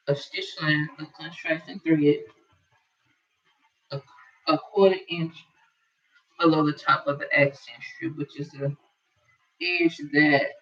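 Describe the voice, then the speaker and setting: A low, slightly bright female voice comes through dull lo-fi audio captured away from the microphone. She's a quilting instructor running an informal sewing tutorial, talking and thinking out loud as she works.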